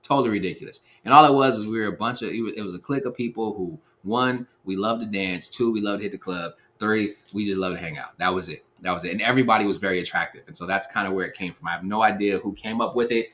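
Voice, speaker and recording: A man in his thirties telling a personal story in a relaxed, slangy way, acting out the quotes as he goes. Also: lowish voice, fast talker, hardly any pauses, slight background noise. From Seattle area, USA. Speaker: speaker sharing life advice. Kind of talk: storytelling talk.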